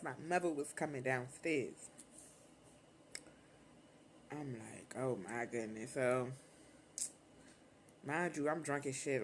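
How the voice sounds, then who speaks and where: A young adult woman vlogger telling a storytime in casual, slangy, profane talk, animated and unfiltered. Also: low-pitched, slight background noise.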